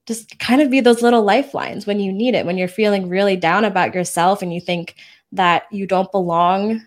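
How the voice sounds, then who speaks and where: A woman co-hosting a podcast in casual chat, earnest and candid. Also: medium pitch. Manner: earnest, candid, quick bursts. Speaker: podcast co-host.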